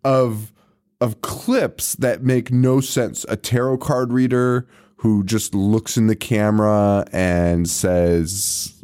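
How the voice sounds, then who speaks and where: A man's voice: on the low side, steady tone, slow pace, a little mellow, smooth. A young man co-hosting a podcast, chatting casually, swearing a lot and laughing often. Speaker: podcast co-host. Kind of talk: casual chat.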